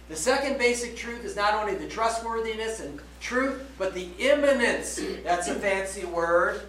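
A man delivers a sermon with a high, lifted voice, pausing to ask "okay?" and drawing out the words he wants to land. He sounds set back from the microphone in a reverberant room, with a faint ambient hum behind him. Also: fairly bright tone. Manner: emphatic, frequent "okay?" check-ins, slows down to stress key words. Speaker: preacher. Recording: roomy echo, voice from a distance, faint background ambience.

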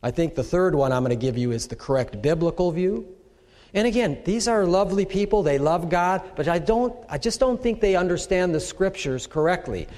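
A middle-aged man delivers a sermon in a loose, conversational style, slipping into quoted voices as he goes. His voice sits high for a man. The sound carries a long reverb, as though recorded in a large hall. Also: animated, a little fast, darkish tone. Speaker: pastor.

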